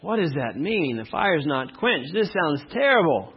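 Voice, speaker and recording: A man preaching a sermon as pastor, reading verses slowly and loudly, then dropping to quiet asides. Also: fairly high pitch, very animated, breathy edge, muffled recording.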